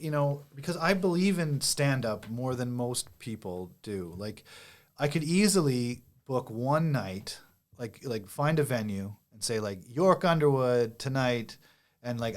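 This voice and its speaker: A comedian guest talking casually on a podcast, rambling with many restarts and lots of "like". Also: male voice, mid-range voice. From Canada. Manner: rambling, heavy use of "like" and restarts.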